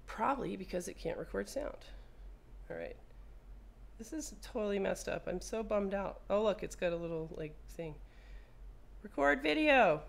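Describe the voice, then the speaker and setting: A woman's voice: medium pitch, lively intonation, moderate pace, creaky, long pauses. A woman repair technician walking viewers through a hands-on demo in a casual, playful way, chatting to the device and cursing when things go wrong. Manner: playful, talks to the phone, swears when frustrated.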